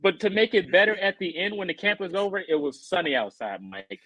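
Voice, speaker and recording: A man with a high, brisk voice co-hosts a podcast, narrating a long story in casual chat and animatedly voicing the characters. A crowd can be heard in the background, and the recording is rough.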